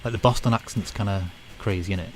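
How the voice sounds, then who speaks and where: Deep-voiced northern english guy streaming a game, sort of scouse, chill rambly chat, faint typing behind. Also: fast talker, slight background noise. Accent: Northern English, near Scouse. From North of England. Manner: chatty and easygoing, lots of "like" and "you know". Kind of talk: casual chat while gaming, reading viewer comments.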